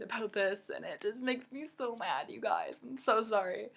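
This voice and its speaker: A young woman vents to her camera in a casual vlog rant. She tells her work story in an animated, exasperated way and swears freely. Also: fairly high pitch, normal speed, gravelly, few pauses. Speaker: vlogger, waitress.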